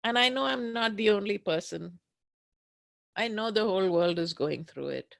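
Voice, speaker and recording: A woman leading a guided tapping session, speaking slowly and emphatically as she voices raw anger and fear. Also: medium pitch, vocal fry, dry recording. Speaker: tapping practitioner.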